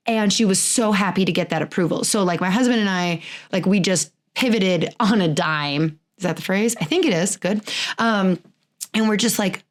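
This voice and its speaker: A woman in her thirties hosts a podcast at a moderate pace in a mid-range voice. Her casual talk rambles and is full of "like"s, and she laughs often as she goes.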